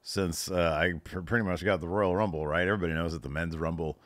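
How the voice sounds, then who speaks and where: A man's voice: low voice, fairly even intonation, fast talker, fairly bright tone, no echo. A middle-aged man hosting a wrestling podcast, reacting in casual commentary with sarcastic, self-mocking outbursts.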